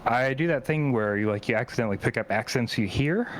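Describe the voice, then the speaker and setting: A co-host with a mid-range voice talks in a halting, unhurried way, full of fillers. A faint hiss sits behind his voice. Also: mid-range voice. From Alabama, US South. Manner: hesitant, filler-heavy, unhurried. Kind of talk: casual chat.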